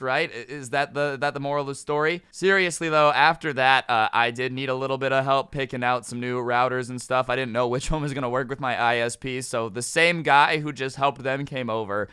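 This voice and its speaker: A man's voice: medium pitch, bright, forceful tone, smooth, dry recording, studio quality. A man telling a storytime vlog in a casual, joking, sarcastic way. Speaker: storytime YouTuber.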